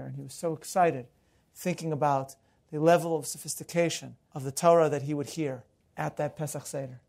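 A man's voice: on the high side, vocal fry, a little mellow. A middle-aged man lecturing as a rabbi, earnest and mixing stories with humor. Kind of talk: recorded lecture.

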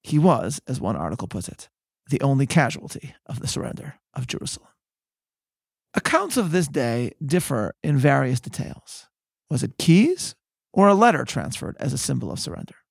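A man hosting a podcast, giving a measured, scripted historical narration and reading quotations aloud. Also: mid-range voice, huge pitch swings, gravelly, slightly rough, no echo, studio quality. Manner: measured, storytelling, reads quotes aloud. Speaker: podcast host.

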